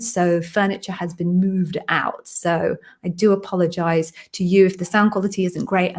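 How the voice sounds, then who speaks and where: A woman from the UK hosting a live Q&A stream from her home office, chatty and quick with self-amused asides. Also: fairly low pitch. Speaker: host and interview coach. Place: echoey home office being redecorated.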